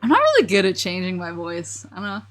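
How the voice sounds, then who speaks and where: A woman's voice: lowish voice, huge pitch swings, fast, soft background music. A young woman streaming a casual chat, giggling often and rambling with lots of restarts. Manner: giggly, rambling, self-interrupting. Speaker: vtuber streamer.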